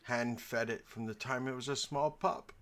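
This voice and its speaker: A man acting as game master in a tabletop role-playing game, telling stories in a theatrical way with lots of pitch shifts. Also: steady tone, measured pace, a bit bright. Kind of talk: narrating and voicing characters in a tabletop game.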